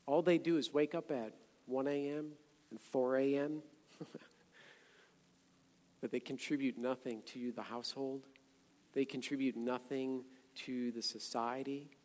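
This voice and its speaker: A man preaching a sermon as a pastor, conversational and then loud and emphatic. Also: mid-range voice, steady tone, a little slow, pauses often. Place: church sanctuary. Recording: echoey hall, long reverb.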